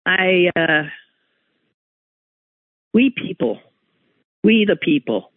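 Hosting a talk show, this man gives a wry, forceful opinion piece, his pitch rising sharply on important words. His high voice swings widely in pitch and moves very slowly; the audio has no echo but sounds tinny, like radio over a phone.

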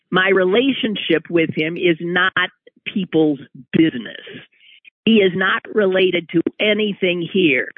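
A man's voice: high-pitched, no room sound. A man hosting a talk show, giving a wry, emphatic opinion monologue with sudden rises on key words. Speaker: radio talk host. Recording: tinny phone-like radio audio.

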